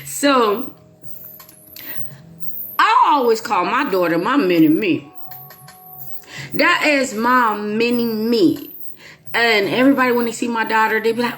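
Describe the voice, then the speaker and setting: A woman hosting her own channel, telling a personal story to viewers in an animated, emphatic way with playful asides. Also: on the high side, measured pace, pauses often, faint music behind. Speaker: YouTube channel host. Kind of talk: casual storytelling monologue to viewers.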